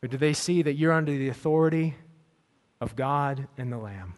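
A male pastor preaching a sermon and telling a personal story, earnest and often repeating words as he searches for them, then praying quietly. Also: mid-range voice, moderate pace.

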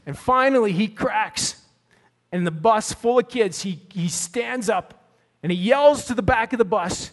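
A male pastor preaching a sermon and telling a personal story, earnest and often repeating words as he searches for them, then praying quietly. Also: sits high, expressive, moderate pace.

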